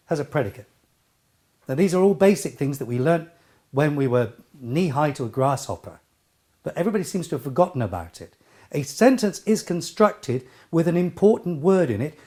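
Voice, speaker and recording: Emphatic, theatrical middle-aged man coaching speech. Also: fairly high pitch. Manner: emphatic, theatrical, animated delivery with playful asides. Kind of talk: spoken lesson to camera.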